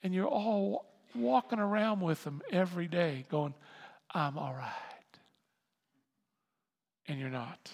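A pastor delivers his sermon in a high, gravelly voice. He is animated, doubling back on words and climbing to loud emphasis. His voice rings with the long reverb of a large hall. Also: moderate pace, hardly any pauses.

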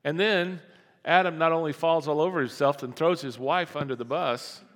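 A man preaching a sermon in a relaxed, conversational way, often repeating words and asking the congregation rhetorical questions. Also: on the high side, moderate pace, in a large hall. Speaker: pastor.

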